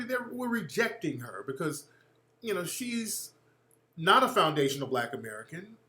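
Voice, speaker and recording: A man's voice: fairly high pitch, echoey room. A man hosting a radio show, delivering a blunt, profane political commentary monologue. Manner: blunt, profane, animated ranting.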